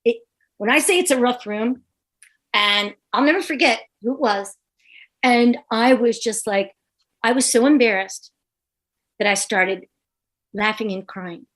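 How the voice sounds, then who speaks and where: A woman comedian guest telling a lively anecdote in a podcast interview, acting out the people she quotes. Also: a little high, a little slow, long pauses. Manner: animated, acts out quoted voices.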